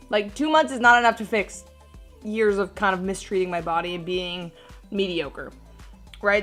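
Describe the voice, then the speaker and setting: A young woman talks to her camera in a loose, bubbly vlog style, with "like" dropped in all through her sentences. Her voice sits a little high for a woman. She chats the way she would with friends. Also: a bit bright. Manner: chatty, bubbly, says "like" often. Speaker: vlogger. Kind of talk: casual vlog chat. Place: at home, then at a gym.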